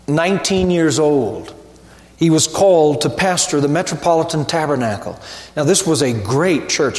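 A man preaching a sermon as pastor, slow and emphatic, building to ringing repeated refrains. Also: on the high side, a little mellow, reverberant, in a large hall.

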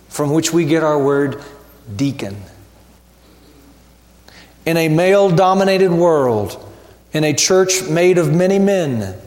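A man preaching a sermon as pastor, slow and emphatic, building to ringing repeated refrains. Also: a little high, darkish tone, reverberant, big-room sound.

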